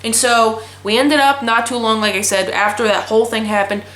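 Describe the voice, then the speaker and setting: A young woman in her twenties talks in a slightly high voice, blunt and swearing freely as she rants. Her voice bounces around an echoey room. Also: brisk, a bit bright. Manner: blunt, profane ranting storyteller. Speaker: vlogger. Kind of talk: casual chat.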